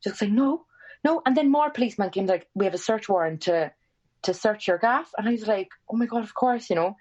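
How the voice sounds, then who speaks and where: A woman in her twenties with an Irish accent, a podcast guest telling a story in casual chat, animated and swearing freely, acting out quoted lines with big jumps in pitch. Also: fast talker, dull audio. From Ireland.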